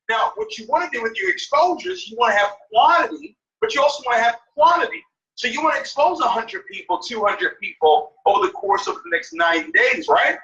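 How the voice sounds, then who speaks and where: A man's voice: very high voice, bright, forceful tone. A man coaching on a mentorship call, emphatic and repetitive, often checking in with "right?". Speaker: network marketing mentor. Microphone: phone or conference call. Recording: dull, echoey, far from mic.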